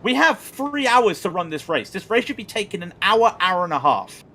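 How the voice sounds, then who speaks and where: Male race commentator, high and lively, excitable and ranting. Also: normal speed. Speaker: sim racing commentator.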